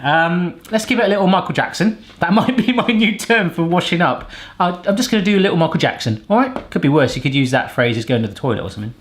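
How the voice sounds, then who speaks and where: A man hosting a casual gadget-testing vlog in a home kitchen, chatty and fond of puns. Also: on the high side. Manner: jokey, pun-loving, chatty. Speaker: cooking channel host.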